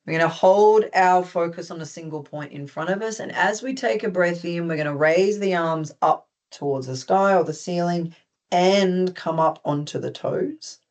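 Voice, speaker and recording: An instructor with an Australian accent calmly guiding a group through stretches, gently instructive with light touches of humor. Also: medium pitch, normal speed. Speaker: movement instructor. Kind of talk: guided stretching class.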